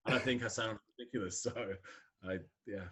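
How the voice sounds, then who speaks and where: A man's voice: lowish voice, steady tone, a little fast, fairly bright tone. Scottish-born man with a neutral English accent. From Scotland. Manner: chatty, laughs often, many fillers. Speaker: podcast guest. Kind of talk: casual conversation.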